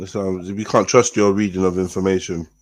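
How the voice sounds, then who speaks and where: A man's voice: sits low, little pitch movement, normal speed, a little mellow, dry recording. A man on a live podcast call, arguing casually and insistently, repeating himself and swearing. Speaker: podcast panelist.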